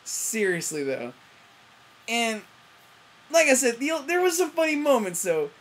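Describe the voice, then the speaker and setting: A woman's voice: a little high, very animated, measured pace, slight background noise. A woman ranting in a TV review vlog, profane and rambling, often breaking off mid-sentence. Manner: frequent self-interruptions and fillers. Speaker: TV review vlogger.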